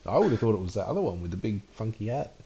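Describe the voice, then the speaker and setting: Joking low-voiced man at a game table. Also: very animated, very fast, warm tone, dull audio. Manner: joking, laughing, swearing. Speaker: player. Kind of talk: casual game-table chat.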